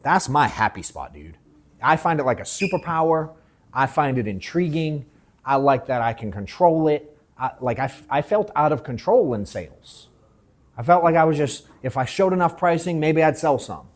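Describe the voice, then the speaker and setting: This is a man teaching a live sales workshop in a loose, joking way. He acts out his own thoughts mid-story, swears freely and calls people bro and dude. His pitch rises and falls a lot as he talks. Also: animated, normal speed. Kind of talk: casual, joking workshop talk. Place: workshop room with an audience.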